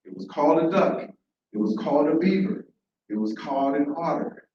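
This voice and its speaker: Man, live storyteller, animated, repeats phrases, high voice, far-off echoey sound. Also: moderate pace, dull audio, a little hiss or hum. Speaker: storyteller at an open mic. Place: large room at a library event.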